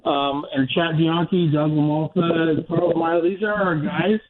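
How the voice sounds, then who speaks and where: A man's voice: a little high, fairly even intonation, unhurried. Heated male caller on a phone line. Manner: heated and rambling. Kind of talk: call-in opinion.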